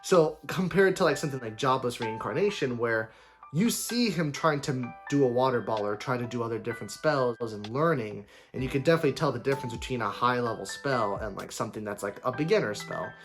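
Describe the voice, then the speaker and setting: Animated, lively man ranting casually. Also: medium pitch, brisk, faint music behind. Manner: animated, swears freely, mimics characters in silly voices. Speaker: anime commentary vlogger. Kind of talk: casual opinion rant.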